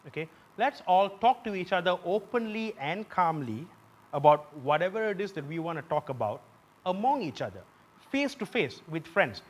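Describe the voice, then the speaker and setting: A man with a Malaysian English accent performing a satirical comedy monologue as host on a live theatre stage, punchy and given to shouting his punchlines. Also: high-pitched, sing-song, moderate pace. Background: audience laughter.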